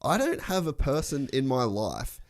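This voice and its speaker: A man's voice: mid-range voice, very animated, moderate pace. A man hosting a casual podcast chat, swearing freely and laughing as he talks. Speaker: podcast host.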